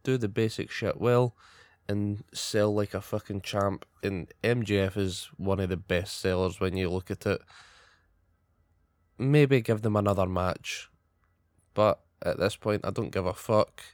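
Blunt sweary Scottish man, low voice. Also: steady tone, measured pace, no echo, clean studio sound. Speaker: wrestling podcast co-host. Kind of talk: casual chat.

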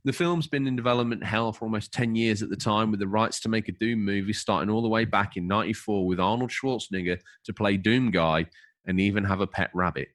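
A man's voice: on the low side, brisk, fairly bright tone. A man co-hosting a podcast, chatting casually and reading out an overview with wry, opinionated asides. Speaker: podcast co-host.

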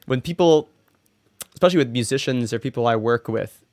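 An easygoing man chatting as a guest guitarist, relaxed and thoughtful. He has a middle-pitched voice, heard close and dry with no echo. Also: fairly quick. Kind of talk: casual chat.

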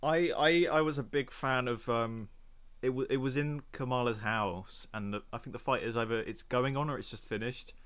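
A man's voice: medium pitch, moderate pace, fairly bright tone. A man co-hosting a film podcast, chatting casually in a rambling, hesitant way. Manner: rambling, hesitant, retells chats with voices. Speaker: podcast co-host. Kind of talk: casual film review chat.

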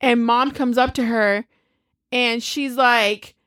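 A woman in casual chat, retelling a movie in a lively way, swearing freely and acting out the characters' lines. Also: a little high, slow pace. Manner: animated storyteller, swears freely, acts out quotes.

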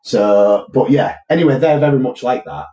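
A man's voice: mid-range voice, animated, moderate pace, mellow, highs cut off. A man co-hosting a podcast, chatting casually as he retells a TV episode and slips into quoted voices. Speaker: podcast co-host. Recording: roomy echo.

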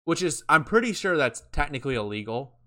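A man's voice: on the high side, sing-song, fast, pushed and bright. A young man co-hosting a podcast, telling a story in casual chat with lots of swearing and acted-out quotes. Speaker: podcast co-host.

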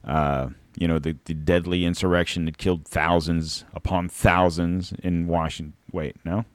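A man's voice: sits low, little pitch movement, normal speed, no room sound. A man from Florida hosting a casual, rambling commentary show, sarcastic and swearing freely. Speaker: podcast host.

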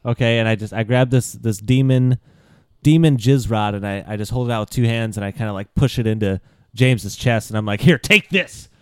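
A young man playing a tabletop role-playing game, excitable and exasperated, swearing and laughing. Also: fairly low pitch, fairly quick, clear, resonant tone, no room sound, clean studio sound. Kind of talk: in-character tabletop role-play.

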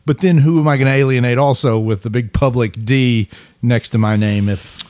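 A middle-aged man with a softened Southern accent, co-hosting a casual podcast, talking earnestly with plenty of "you know"s. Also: medium pitch, moderate pace, dry recording. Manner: earnest, hesitant, many fillers. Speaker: podcast co-host. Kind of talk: casual chat.

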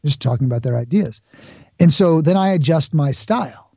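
A middle-aged podcast guest from the Bronx speaks fairly quickly and expressively, his slightly high voice gravelly and dark with a breathy edge. In this dry studio-quality interview, he explains reflectively using examples and acted-out asides.

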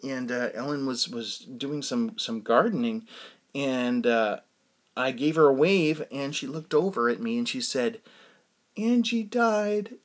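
A man in the middle of a casual personal story, circling back on himself and restarting his sentences as he goes. His voice sits at an ordinary middle pitch for a man. The delivery is loose and unhurried, like someone chatting straight to his followers. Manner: rambling, halting, many restarts.

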